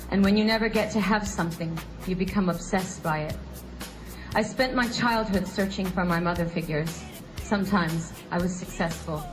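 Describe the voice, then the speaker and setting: A woman's voice: fairly low pitch, low-quality recording. A woman in her fifties from the US Midwest, delivering a prepared, reflective tribute speech. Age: 50s. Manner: measured, reflective. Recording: music clearly behind.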